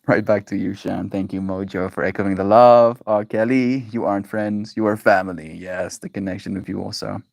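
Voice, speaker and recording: On his daily stream, this Canadian host speaks in a lowish, creaky, dark voice at normal speed, keeping a steady tone and hardly pausing. The recording has no echo, and he playfully rambles with viewers, giggling and making up goofy words.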